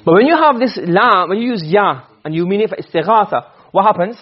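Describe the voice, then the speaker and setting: A man teaching Arabic grammar to a class, asking questions and answering them himself, and reciting verses slowly. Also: high-pitched, lively intonation, dull audio. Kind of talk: classroom lecture.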